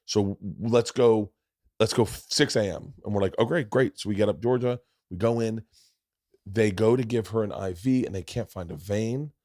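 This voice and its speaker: A middle-aged man hosting a podcast, telling a long story in a casual, profane way and swinging from loud to hushed. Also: on the low side, normal speed, no echo, clean studio sound. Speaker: podcast host.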